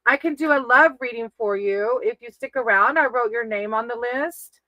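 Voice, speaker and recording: A woman's voice: on the high side, moderate pace, sharp tone, dry recording, poor audio. A woman giving casual live-stream tarot readings, chatty and affectionate, calling her viewers sweetie and baby. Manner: chatty, reads names off a list.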